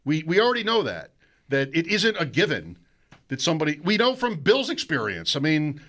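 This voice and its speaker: A man's voice: fairly high pitch, wildly swooping pitch, a little fast, pushed and bright. A man co-hosting a sports talk radio show, talking casually and repeating words as he restarts his thoughts.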